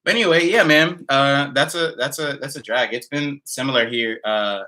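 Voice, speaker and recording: A man's voice: medium pitch, moderate pace, pushed and bright. A man chatting casually on a home livestream, laid-back and slangy, reading out viewer comments. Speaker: musician streaming a live Q&A. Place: home, in Nashville.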